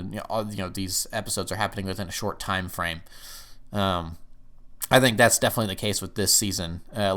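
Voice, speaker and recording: A man reviewing a TV episode in casual talk. He rambles and sometimes jumps up excitedly. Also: fairly low pitch.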